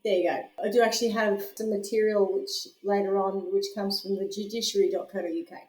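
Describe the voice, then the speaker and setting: A woman's voice: mid-range voice, fairly even intonation, fast, a little mellow, slight background noise. Chatty woman podcast host, echoey room. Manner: chatty, laughs often, self-deprecating. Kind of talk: casual chat. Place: home.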